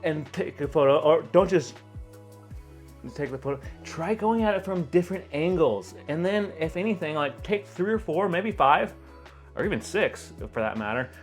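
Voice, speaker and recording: A man, a photographer and video host, giving chatty, animated reaction commentary and laughing along. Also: on the high side, moderate pace, faint music behind.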